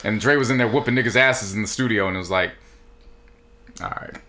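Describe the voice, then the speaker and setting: A man's voice: lowish voice, fast, pushed and bright. A young man co-hosting a casual podcast chat, telling profane stories. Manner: profane storytelling, mimics people in quotes. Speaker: podcast co-host.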